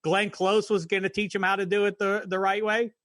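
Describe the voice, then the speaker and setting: Bright-voiced wry man, dry sound. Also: high-pitched, little pitch movement, brisk, no room sound. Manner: wry, digressive film talk. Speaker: podcast co-host. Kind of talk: casual chat.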